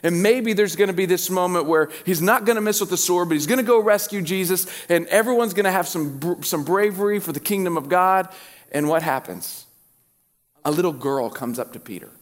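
A man preaching a sermon as pastor, telling a story and swinging between animated and hushed delivery. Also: high voice, a little fast.

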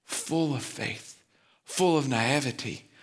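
A man's voice: medium pitch, slow pace, breathy edge. A man pastor giving a sermon in an earnest, conversational, plainspoken way.

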